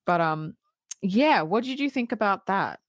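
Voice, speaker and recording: A woman's voice: mid-range voice, expressive, a little slow, dry recording, studio quality. A woman co-hosting a podcast, retelling a film scene by scene in casual chat, swearing and laughing often. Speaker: podcast co-host.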